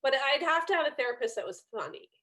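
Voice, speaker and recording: A woman guest on a podcast, telling lively, incredulous stories in casual chat. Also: sits high, fast talker. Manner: animated storytelling, incredulous.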